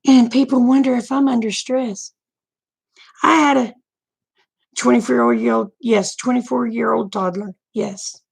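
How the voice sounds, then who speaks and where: Middle-aged woman vlogger, gravelly voice and a touch high, frank folksy chatter. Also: steady tone, unhurried. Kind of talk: casual livestream chat.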